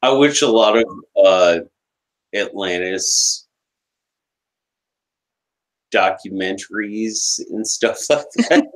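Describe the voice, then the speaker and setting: A podcast host with a very deep voice, talking casually about a TV show. He often stumbles and repeats his first words before getting a sentence going, in a relaxed, informal conversation. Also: slow, long pauses, low-quality recording. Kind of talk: casual chat about a TV episode.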